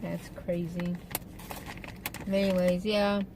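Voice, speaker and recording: A woman's voice: fairly low pitch, little pitch movement, slow pace, noisy background. A woman chatting casually in her car on an eating-show vlog, rambling along with fillers and asides. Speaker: vlogger. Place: inside a parked car.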